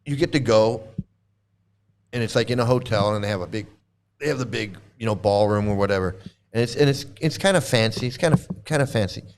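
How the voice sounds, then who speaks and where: A man's voice: on the low side, brisk, slight background noise. A man giving casual reaction commentary on clips, rambling and repeating himself, laughing often.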